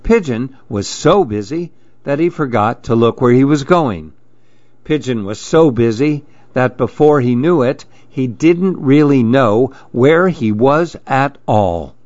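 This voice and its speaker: A man reading a children's storybook aloud in a calm, measured way. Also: medium pitch, no room sound, highs cut off.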